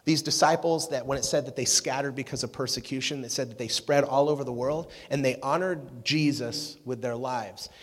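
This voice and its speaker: A man preaching to a youth group, energetic and jokey, chatting with the crowd. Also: mid-range voice, moderate pace, few pauses. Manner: energetic, jokey, talks with the audience. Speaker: youth pastor. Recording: long reverb of a hall.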